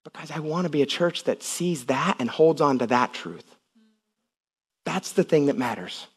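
A male pastor preaching in an animated way, his voice sitting somewhat high for a man. He builds up to loud, intense passages, then drops down to soft, quiet lines. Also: normal speed, slightly rough. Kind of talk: sermon. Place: church.

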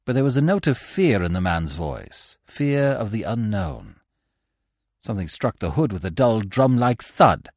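A man narrating a classic novel as podcast host in an expressive, theatrical storytelling manner. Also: on the low side, unhurried, no room sound, clean studio sound. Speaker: audiobook narrator. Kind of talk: scripted dramatic narration.

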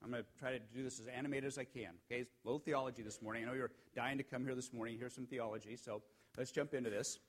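A man preaching a sermon, telling a story and building to emphatic peaks before dropping to hushed, quiet lines. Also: mid-range voice, fairly even intonation, very fast. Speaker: pastor.

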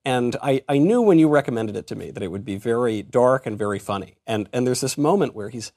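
A man's voice: medium pitch, animated, fairly quick, a little mellow. A man hosting a casual book discussion, amused and laughing as he reads passages aloud. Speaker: podcast host.

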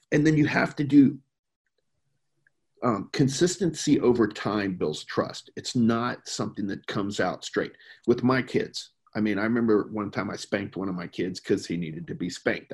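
A middle-aged American man speaks in a husky, slightly breathy voice, pitched a little low. He talks earnestly and emphatically, circling back and restarting his thoughts as he makes his point in relaxed conversation. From United States. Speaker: podcast guest, veteran who worked overseas. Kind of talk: casual conversation.

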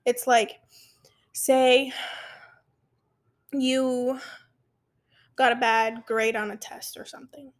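Chatty high-voiced young woman. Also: slow pace, pauses often. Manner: chatty, animated storytelling with many restarts. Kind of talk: casual personal advice talk.

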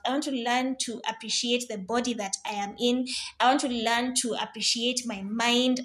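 Lively high-voiced woman. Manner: chatty and animated, mimics voices, mixes in Swahili words. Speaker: podcast host. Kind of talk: casual solo podcast monologue.

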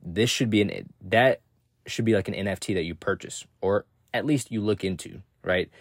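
A man's voice: fairly low pitch, moderate pace, no room sound, clean studio sound. A young man hosting a solo podcast, talking loosely and rambling, swearing often and checking in with "right?" after every point. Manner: loose, profane, repeats "again" and "right?". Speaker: podcast host. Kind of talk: casual solo podcast talk.

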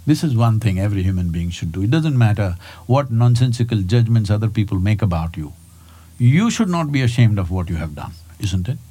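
A man's voice: on the low side, warm tone, breathy edge. A man in his sixties, a spiritual teacher giving a talk to a live audience, prodding his listeners with rhetorical questions. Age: 60s.

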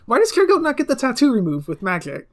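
A woman's voice: high voice, wildly swooping pitch, fast talker. Hesitant woman cracking dry jokes. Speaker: podcast co-host. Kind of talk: casual comedic commentary.

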